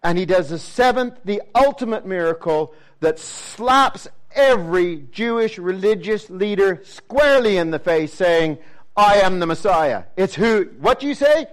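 Preacher, male, higher-pitched voice, dramatic sermon delivery that swings from loud emphasis to near-hushed lines, heavy repetition. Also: measured pace, hardly any pauses. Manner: swings from loud excited emphasis to hushed, dropped low tones; repetitive, rhetorical questions to the congregation.

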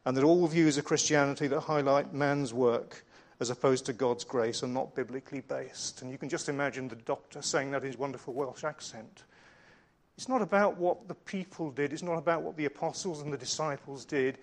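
A man's voice: mid-range voice, a little fast. A middle-aged man preaching a sermon with slides, earnest and conversational as he tells stories.

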